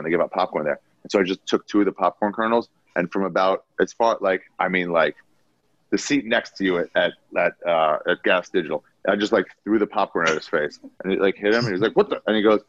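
A young man with a low voice tells profane stories in a loose podcast chat, jumping into higher voices to mimic the people he quotes. The recording is dry and close, with a dull, lo-fi tone. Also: fast talker, no echo. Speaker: comedian guest.

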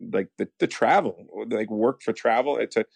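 A man's voice: medium pitch, moderate pace, vocal fry, darkish tone, husky, no echo. A young American man, a soap actor, telling stories in a casual interview, rambling with lots of fillers and acting out quotes. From United States. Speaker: soap opera actor guest.

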